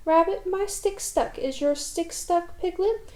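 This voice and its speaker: Young kangaroo boy, excitable, high-pitched, storybook , woman voicing. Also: measured pace, echoey room. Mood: excited. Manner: excited, chattering questions. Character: eager young male kangaroo child.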